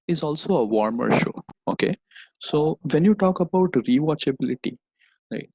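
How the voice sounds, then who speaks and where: A man's voice: mid-range voice, a little mellow, slightly rough, dry recording, highs cut off. A man talking casually as a podcast guest over a video call, wandering through his points and tagging sentences with "right?" and "you know". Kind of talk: casual chat.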